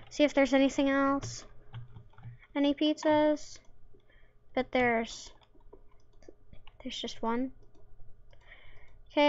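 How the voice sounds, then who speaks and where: A woman chats through her gameplay in a playful way, tossing in silly sound effects and jokes. Her voice is high and her pace unhurried. The recording sounds dull and lo-fi. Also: clear, resonant tone. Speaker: gamer. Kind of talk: casual gameplay commentary.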